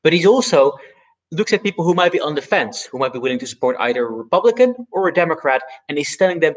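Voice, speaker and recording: A man with a somewhat raised voice teaches debate and public speaking. He breaks a speech down step by step in a clear, instructional manner and leans hard on the words that matter. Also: a little high, animated, rough recording. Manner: explanatory, deliberately stresses key words. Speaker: debate educator. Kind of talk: instructional video analysis.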